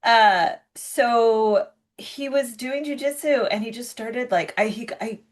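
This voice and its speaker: A woman's voice: fairly high pitch, slow pace. A middle-aged woman co-hosting a podcast, telling a rambling story full of fillers and restarts and swearing casually. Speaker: podcast co-host. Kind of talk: casual chat.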